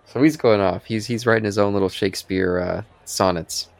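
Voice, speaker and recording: This podcast co-host speaks in a lowish, creaky voice at a moderate pace, with no echo. He chats casually about a TV episode, recounting scenes, quoting lines, and laughing frequently.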